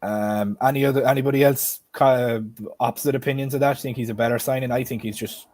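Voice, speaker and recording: A man's voice: medium pitch, fairly even intonation, fast talker, darkish tone. A man with an Irish accent hosting a casual stream chat, often turning questions to the panel and the chat. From Ireland. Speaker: host.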